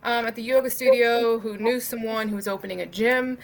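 A woman's voice: fairly high pitch, steady tone, brisk. A young adult woman telling her story as a podcast guest, talking casually with lots of "like" and "um" and easy swearing. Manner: chatty, frequent "like" and "um" fillers.

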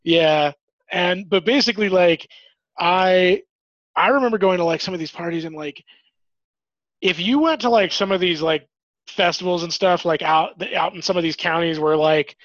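A man in casual chat, speaking haltingly and saying "like" a lot. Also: sits high, a bit bright, no room sound. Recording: dry, dull lo-fi sound.

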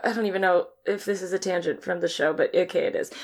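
A woman's voice: fairly low pitch, fairly even intonation, fast. Giggly young woman in casual chat. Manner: giggly, acts out quoted lines. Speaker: podcast co-host.

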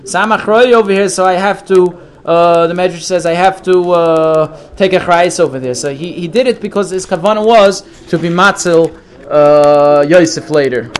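A man's voice: high-pitched, normal speed. A man leading a text study class, reading each Hebrew phrase and then translating it. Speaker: Torah teacher.

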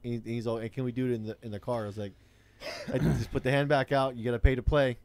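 A man's voice: mid-range voice, fairly even intonation, quick pace, darkish tone, no echo. A man, telling a rideshare-driving story in blunt, profane casual chat.

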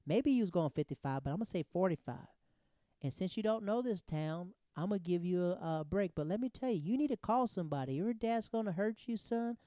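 A man's voice: animated, brisk, warm tone, clean tone, no room sound, clean studio sound. A man voicing a kindly small-town male police officer who fusses over and soothes a nervous driver in a story. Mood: soothing. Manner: high, repeated "whoa" and "hey", coaxing.

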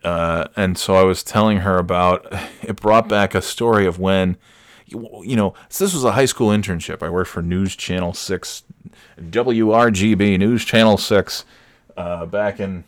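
A man's voice: low-pitched, moderate pace. A man telling a casual personal story, rambling with many restarts and swearing freely with self-mocking humor.

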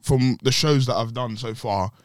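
A man's voice: medium pitch, moderate pace, dry recording, clean studio sound. A young man chatting casually on a podcast as a guest actor, laid-back and full of slang and filler words.

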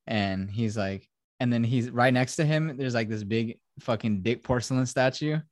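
Recorded with studio quality and no room sound, a young man hosting a podcast speaks at medium pitch and moderate pace. He casually recaps a film plot, cursing and wandering off track as he goes.

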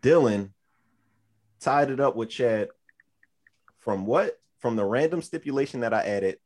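A man's voice: medium pitch, measured pace, a little mellow. A man hosting a wrestling podcast in casual chat, talking loosely and rambling with plenty of "like" and casual cursing. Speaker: podcast host.

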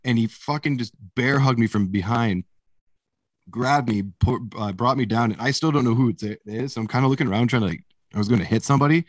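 A man's voice: mid-range voice, fairly quick, dry recording. A man being interviewed as a musician, telling stories in a rambling, casual way, swearing often and laughing as he goes. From Canada. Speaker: musician guest.

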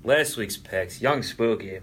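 A young man with a fairly low voice hosts a casual sports podcast, joking around with his co-hosts. There is a faint hiss of noise behind him. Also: slow pace, fairly bright tone. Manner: jokey, banter-driven, rambling. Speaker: podcast host.

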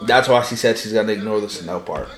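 A man's voice: fairly low pitch, fast. A young man co-hosting a casual podcast, telling stories with profane, joking trash talk. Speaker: podcast co-host. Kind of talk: casual chat.

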